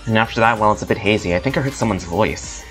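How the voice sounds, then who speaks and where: A man reading the part of a young woman who wakes from a sad dream, in a quiet, reflective way. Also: on the low side, fast, faint music behind, natural voice. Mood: wistful. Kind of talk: reading game dialogue aloud.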